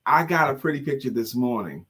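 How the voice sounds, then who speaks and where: A middle-aged man from the United States co-hosting a live online talk show in a lively, playful casual chat. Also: mid-range voice, a little fast, husky.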